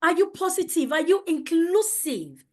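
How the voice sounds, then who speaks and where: A woman's voice: very high-pitched, sing-song, normal speed. A woman leading a safeguarding training for teachers, speaking emphatically and asking many rhetorical questions.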